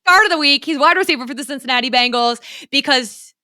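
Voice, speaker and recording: Bright, chatty young woman podcaster. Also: high-pitched, quick pace, no room sound, studio quality. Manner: chatty, swears freely, laughs often. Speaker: podcast co-host. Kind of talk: casual chat.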